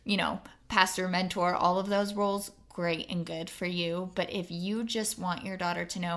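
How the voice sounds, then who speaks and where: A woman's voice: fairly low pitch, steady tone, moderate pace, hardly any pauses, fairly bright tone. A woman hosting a podcast, talking in an earnest, encouraging way and laughing easily. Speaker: podcast host. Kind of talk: casual podcast conversation.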